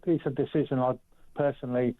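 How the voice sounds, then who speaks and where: A male radio caller heard over a thin, tinny phone line. He has a mid-pitched voice and talks haltingly, stumbling and restarting as he gathers his thoughts. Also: fairly even intonation.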